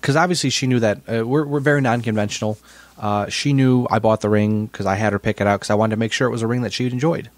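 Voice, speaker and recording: A man's voice: fairly low pitch, steady tone, fast, no room sound. A man co-hosting a podcast, telling a story in casual chat and often repeating his words. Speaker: podcast co-host.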